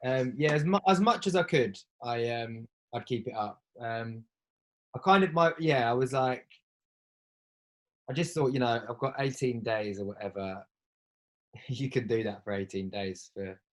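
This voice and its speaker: A man's voice: medium pitch, poor audio. A young man talking casually in an interview, easygoing and a little hesitant as he hunts for his words. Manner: easygoing, hesitant, many fillers and restarts. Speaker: actor, interviewee.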